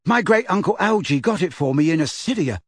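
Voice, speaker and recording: Man voicing a shy eager schoolboy, higher and excited, dry sound. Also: moderate pace, breathy edge, dry recording, heavily acted.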